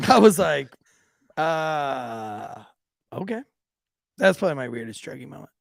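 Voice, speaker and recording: Animated, gravelly-voiced man telling cop stories. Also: fairly high pitch, normal speed, long pauses. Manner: profane, laughing, acts out voices in stories. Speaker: podcast host, police officer. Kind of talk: casual storytelling banter.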